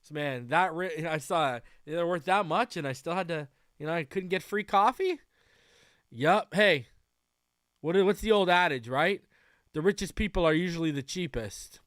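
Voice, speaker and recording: A man's voice: fairly high pitch, expressive, moderate pace, a bit bright, no room sound, clean studio sound. A male podcast host in casual livestream chat, loose and talkative, greeting viewers by name with frequent fillers and restarts.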